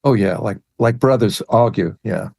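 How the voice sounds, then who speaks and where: A man in his eighties, with a New York accent tinged with British, tells studio stories as an interview guest in a relaxed, anecdotal way, slowing down to stress details. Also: lowish voice, creaky, no room sound. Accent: New York English with a British tinge. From United States. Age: 80s. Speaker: guest, music producer. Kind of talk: conversational interview storytelling.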